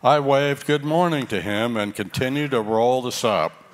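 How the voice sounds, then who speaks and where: A man from the congregation reading a short personal anecdote aloud in a slow, measured way. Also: mid-range voice. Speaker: congregation member reading a story.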